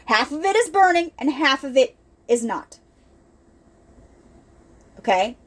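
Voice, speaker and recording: A woman's voice: sits high, very animated, takes it slowly, fairly bright tone. A woman hosting an unscripted ministry video, giving an earnest, rambling spiritual testimony with many restarts and asides, emotional at times.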